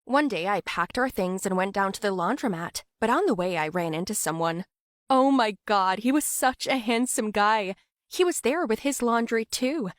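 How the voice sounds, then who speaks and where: A young woman giving scripted narration for an animated story. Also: mid-range voice, normal speed, no room sound, studio quality.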